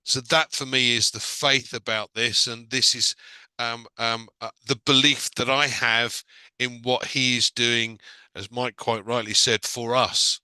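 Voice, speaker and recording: A man giving a sincere, measured personal testimony on an online group call. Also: mid-range voice, steady tone, pushed and bright, smooth, dry recording, low-quality recording.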